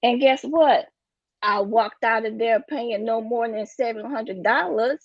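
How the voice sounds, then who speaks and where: A woman's voice: on the high side, unhurried, no room sound, dull audio. A woman giving an emphatic, preachy motivational talk about finances, repeating her catchphrases. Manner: preachy, repeats "you get what I'm saying". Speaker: guest speaker on finances.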